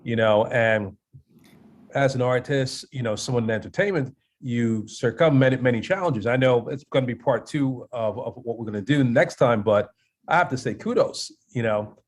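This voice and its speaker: A man's voice: medium pitch, moderate pace. A man hosting a podcast interview, talking loosely with lots of fillers. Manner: warm filler-heavy praise, many "you know"s. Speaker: podcast host.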